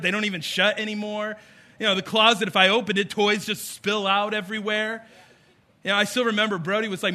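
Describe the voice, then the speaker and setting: A man in his thirties or forties preaching a sermon, telling stories and acting out voices. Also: high voice. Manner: animated storytelling, acts out voices. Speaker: pastor.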